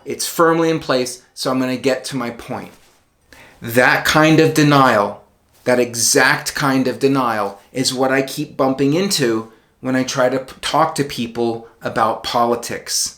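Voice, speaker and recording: A middle-aged man tells a personal story straight to the camera in a wry, conversational way. He makes dry, self-mocking asides, and his voice sits at an ordinary middle pitch. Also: unhurried, fairly bright tone. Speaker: video essayist.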